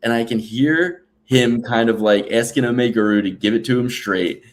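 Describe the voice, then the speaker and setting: A man co-hosting a sports betting podcast, talking in animated, profane casual chat and often slipping into mocking quoted voices. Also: medium pitch, moderate pace. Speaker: podcast co-host.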